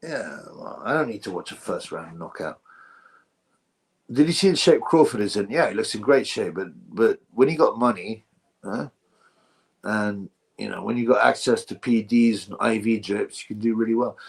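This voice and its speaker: A man's voice: on the low side, moderate pace, vocal fry. A man hosting a casual livestream, rambling sarcastically and answering chat messages. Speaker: livestream host.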